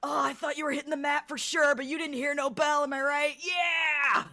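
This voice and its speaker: A player voicing a brash, hyped-up female adventurer who shouts loud, gleeful cheers at her party. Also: high voice, flat delivery, normal speed, voice pushed up.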